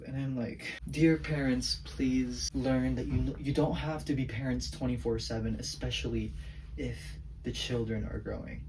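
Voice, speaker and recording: A man's voice: medium pitch, steady tone, moderate pace, recorded from a distance, noisy background. A teenage boy venting in a casual rambling vlog, saying "like" constantly. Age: teens. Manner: rambling, heavy use of "like", venting. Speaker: vlogger.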